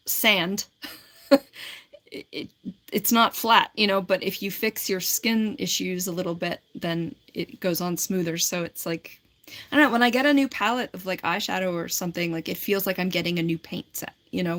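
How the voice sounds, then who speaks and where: A woman's voice: lowish voice, fairly even intonation, normal speed, a bit bright. Giggly woman in her forties chatting. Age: 40s. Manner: rambling and giggly, lots of "like" fillers. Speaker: livestreamer. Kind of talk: casual livestream chat, answering viewer comments.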